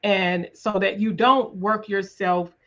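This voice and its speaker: A woman hosts an interview in an earnest, thoughtful manner, asking questions and reflecting aloud. Her voice sits at a middle pitch, and the recording sounds dull and lo-fi. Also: fairly even intonation, takes it slowly, a bit bright. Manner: earnest, thoughtful, faith-minded. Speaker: podcast host. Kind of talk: conversational interview.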